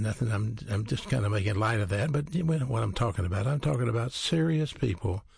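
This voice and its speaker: Gravelly-voiced man hosting Christian radio. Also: medium pitch, a little mellow, no room sound, clean studio sound. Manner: plainspoken, conversational, direct to listener. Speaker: radio show host. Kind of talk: Bible teaching radio talk.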